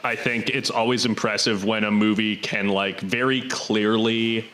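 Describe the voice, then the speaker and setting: A man co-hosting a podcast, chatting casually about films in a relaxed, thoughtful way with lots of "um"s. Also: fairly low pitch, measured pace, slight background noise. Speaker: podcast co-host. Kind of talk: casual film chat.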